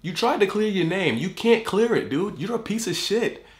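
A man's voice: sits high, expressive, moderate pace, reverberant, music in the background. A man hosting a YouTube reaction video, ranting angrily and swearing, repeating himself as he fires off words. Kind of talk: angry profane reaction rant.

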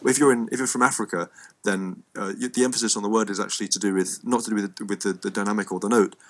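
A man's voice: fairly low pitch, steady tone, fast talker, a bit bright. An English man with a cold, teaching an online music lesson in a rambling, playful way with frequent ums. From England. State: has a cold.

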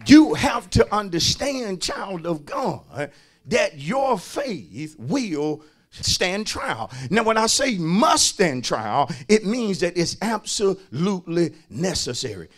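High, lively man. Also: slow. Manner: call-and-response preaching, swinging between shouts and hushed lines; repeats words and phrases for emphasis. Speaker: pastor. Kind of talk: sermon.

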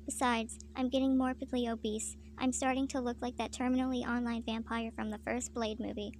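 A woman reading a gloomy, dismissive male caretaker in a deadpan way. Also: a little high, brisk, a little hiss or hum, close to an everyday voice.

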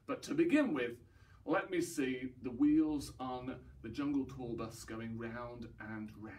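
Slow, upbeat man leading children's rhymes. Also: mid-range voice, darkish tone, recorded from a distance. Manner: cheerful, encouraging, talks to young children. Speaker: library rhyme-time leader. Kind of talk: children's song session. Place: indoors, library session streamed online. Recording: voice away from mic.

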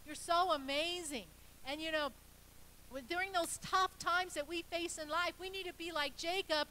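A woman's voice: very high-pitched, sharp tone, slight background noise, rough recording. A woman pastor preaching a sermon in a conversational way, with restarts and asides, acting out the voices in the stories she tells. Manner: acts out quoted voices in storytelling.

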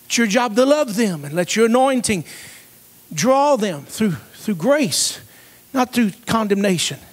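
A man preaching a revival sermon in a church, fervent and calling for responses from the congregation, often rising into shouts. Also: high voice, sing-song, a little slow. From Cincinnati area. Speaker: evangelist preacher. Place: church sanctuary.

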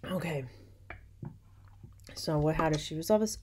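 A young woman lecturer reading a classic novel aloud, stopping to paraphrase the lines in casual, slangy asides and whispering quick side remarks. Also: low voice, a little mellow. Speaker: literature lecturer.

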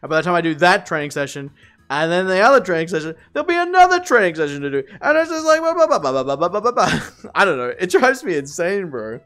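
A man's voice: high-pitched, huge pitch swings, fast talker, fairly bright tone, clear, resonant tone. A man chatting casually on a livestream, rambling, swearing and laughing often.

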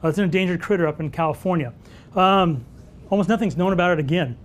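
A man teaching wildlife photography at a live workshop, telling stories and answering audience questions in an animated way. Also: high voice, fast, slight background noise. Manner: animated storyteller who acts out dialogue.

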